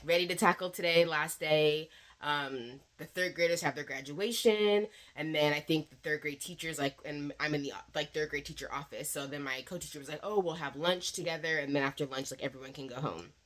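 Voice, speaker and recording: Young woman, vlog storyteller, chatty, slightly low voice, lots of fillers. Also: brisk, fairly bright tone. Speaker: English teacher in Korea.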